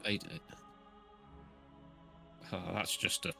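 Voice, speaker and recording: A man's voice: slow pace, pushed and bright, faint music behind. A man playing in a tabletop game, rambling and self-mocking as he talks in a put-on Scottish accent. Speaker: player. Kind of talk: tabletop role-play in character.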